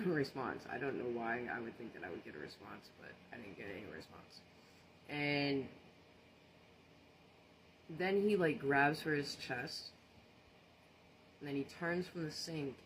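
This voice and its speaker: A man's voice: medium pitch, fairly bright tone, a little hiss or hum, poor audio. A man casually telling a story, rambling with many fillers and restarts.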